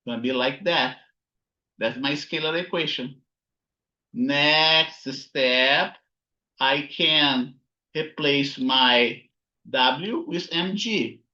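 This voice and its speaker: Male physics instructor, deliberate pace, bright tone, muffled lo-fi recording. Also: fairly high pitch. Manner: thinking aloud, frequent "okay?" and "right?" checks. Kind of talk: recorded lecture with slides.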